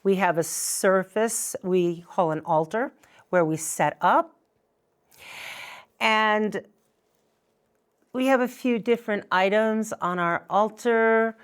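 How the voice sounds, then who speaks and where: Smooth-voiced woman hosting a talk show. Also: mid-range voice, slow, pauses often. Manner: patient, explanatory, emphatic at times. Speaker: host. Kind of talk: community TV talk, explaining her religion.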